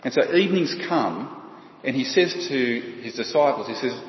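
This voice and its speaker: A man preaching a sermon, halting and often repeating words as he restarts. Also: mid-range voice, lively intonation. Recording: dull, echoey hall with long reverb.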